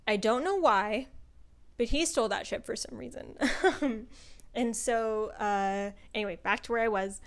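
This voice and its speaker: A woman's voice: a little high, unhurried. A woman giving a casual, rambling spoken book review, full of filler words and swearing, laughing often as she talks. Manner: chatty and rambling, with frequent "like" and profanity; laughs often while talking.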